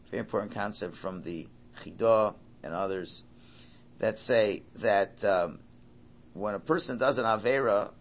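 A man's voice: fairly low pitch, slight background noise. A man giving a Torah class lecture, emphatic, often repeating and restarting his phrases. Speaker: Torah teacher.

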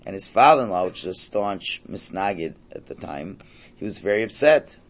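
Man, low gravelly voice, rabbi teaching a class, casual storytelling. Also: lively intonation, normal speed. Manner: storytelling, conversational, quotes characters. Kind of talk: Torah class with Hasidic stories.

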